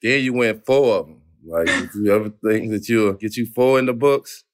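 A man's voice: fairly low pitch, normal speed. A man co-hosting a casual chat, asking easygoing questions.

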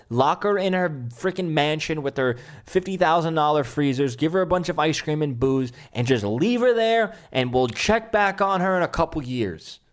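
A male commentator rants in a loose, heated way, mocking and sarcastic as he goes. His voice sits a little higher than most men's. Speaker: political commentator. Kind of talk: casual ranting commentary.

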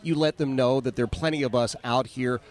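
A man's voice: mid-range voice, steady tone, fairly quick. A male radio talk show host interviewing a guest in a folksy way, with many filler sounds and leading questions.

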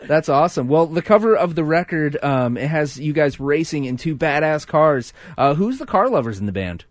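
Halting male radio host, dry studio. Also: on the high side, animated, dry recording. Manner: halting, many filler words. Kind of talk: casual radio interview.

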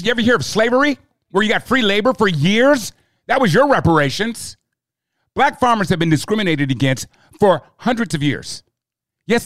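A man's voice: sits high, a bit bright, no echo, clean studio sound. A man hosting a podcast, delivering an indignant, sarcastic political rant with heavy emphasis. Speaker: podcast host.

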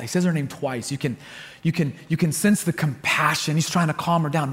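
A man preaching a sermon in a lively storytelling manner, repeating words for emphasis. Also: fairly high pitch, fairly quick, slightly rough. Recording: long reverb of a big hall.

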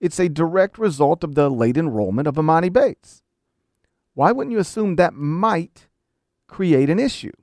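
A man's voice: fairly high pitch, expressive, normal speed, darkish tone, dry recording, studio quality. A middle-aged man delivering an emphatic, argumentative sports commentary, pressing his case with repeated rhetorical questions. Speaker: college basketball commentator. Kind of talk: opinion commentary monologue.

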